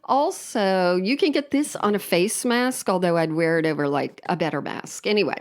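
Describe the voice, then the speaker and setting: A woman co-hosting a podcast in casual chat, joking in a wry, deadpan way. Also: on the low side, normal speed. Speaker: podcast co-host.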